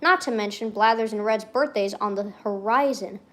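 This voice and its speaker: A young adult woman streamer in casual chat, reading aloud from her old journal with excitable rambling and frequent swearing. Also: mid-range voice, moderate pace.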